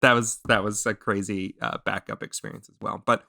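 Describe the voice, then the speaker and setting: A man's voice: lowish voice, fairly quick, creaky, no echo, studio quality. A man hosting a podcast, telling stories in casual chat and acting out the people he quotes. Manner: animated storyteller, acts out quotes. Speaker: podcast host.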